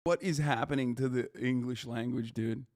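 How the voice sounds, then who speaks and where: A man's voice: medium pitch, fairly even intonation, moderate pace, a little mellow. A man commenting loosely on a clip during a live stream, swearing often and laughing between thoughts. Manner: loose, profane and laughing, with frequent fillers.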